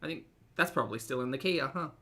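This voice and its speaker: Man, bright clear voice, sarcastic reaction host, chatty, laughs a lot. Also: a little high, fast, a little hiss or hum. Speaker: commentary channel host. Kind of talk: casual reaction commentary.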